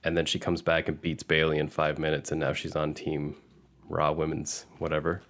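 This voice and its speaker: A man's voice: extremely low pitch, monotone, normal speed, a bit bright. A man co-hosting a casual podcast who gives blunt, opinionated rants. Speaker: podcast co-host. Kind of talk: casual chat.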